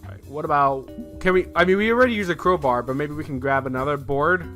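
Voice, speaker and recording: A man's voice: a little high, fast talker, sharp tone, soft background music. A man chatting playfully and thinking aloud while streaming a game. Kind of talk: casual let's-play commentary.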